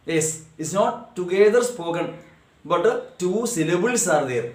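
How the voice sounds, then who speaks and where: A man teaching a grammar lesson on syllables, repeating words slowly and drilling their pronunciation. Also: high voice, animated, echoey room. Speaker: English teacher.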